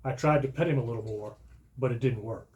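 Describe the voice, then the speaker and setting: A man's voice: mid-range voice, fast talker, slight background noise. Dry-voiced middle-aged man telling a story. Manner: dry storytelling, bursts into loud shouting for quoted lines. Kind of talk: first-person comic story reading.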